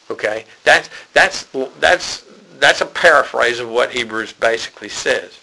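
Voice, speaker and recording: A man's voice: mid-range voice, moderate pace, vocal fry, bright, forceful tone, low-quality recording. A man preaching a sermon in a church, folksy and conversational.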